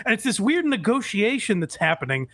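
A man's voice: high-pitched, sing-song, brisk, a bit bright. A man co-hosting a podcast in casual chat, self-deprecating and laughing a lot. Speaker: podcast co-host.

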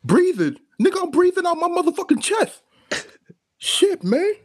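A man doing an impression of an exasperated male comedian fresh off a booed set, griping and cursing in a strained, raspy voice. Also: very high-pitched, very animated, moderate pace, voice pushed up. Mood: indignant.

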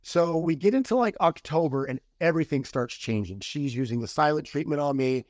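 A man's voice: fairly high pitch, lively intonation, a little fast, no room sound, clean studio sound. A middle-aged man as a podcast guest, candidly telling a personal story in casual conversation and acting out the quoted lines. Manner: candid, acts out quoted dialogue.

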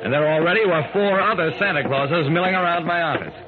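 A man's voice: on the high side, fast talker, natural voice. An actor playing a wry private detective who narrates his own case, in 1940s radio acting style. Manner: dry, amused first-person narration. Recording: tinny old radio broadcast with hiss.

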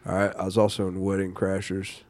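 A man putting on a low, flat impression of a famous actor. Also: a little fast, no room sound. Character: man doing a gruff celebrity actor impression.

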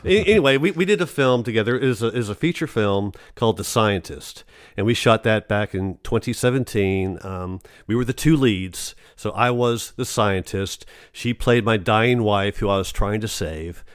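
A man's voice: lowish voice, normal speed, smooth, no room sound. Rambling man with a dry voice. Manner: rambling, many restarts and fillers. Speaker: actor, interview guest. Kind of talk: casual conversational interview.

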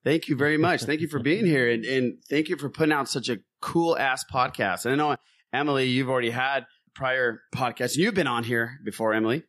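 A man's voice: mid-range voice, a little fast, fairly bright tone, no echo, studio quality. A man hosting a casual podcast, upbeat and jokey, often laughing as he talks. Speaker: podcast host.

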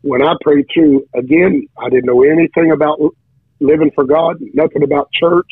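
Speaking at normal speed with fairly even intonation, a man gives his testimony as a guest preacher, telling it casually with many restarts and stammered repeats. His voice is a little high and slightly rough, coming over a tinny phone line without room sound.

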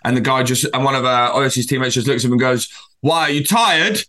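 A man, co-hosting a casual sports betting podcast and telling rambling, animated stories. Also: medium pitch, rapid-fire. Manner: rambling, animated storyteller with frequent laughs. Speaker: podcast co-host, betting tipster.

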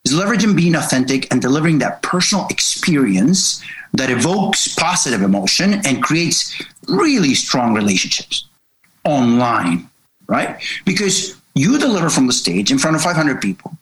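A man appears as a guest on a podcast and explains his marketing approach. He speaks earnestly at a middle pitch, often restarting and repeating words. His talk is loose and full of fillers. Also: sing-song, moderate pace, a bit bright, poor audio. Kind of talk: casual interview chat.

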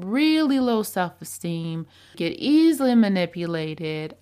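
A young adult woman hosting a podcast, talking casually and giving advice, acting out the lines of a story as she tells it. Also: medium pitch. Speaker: podcast host.

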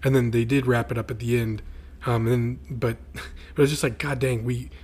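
Husky, rambling podcast co-host man. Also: medium pitch, little pitch movement, a little fast, darkish tone. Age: adult, married. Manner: rambling, many fillers and restarts. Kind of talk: casual chat.

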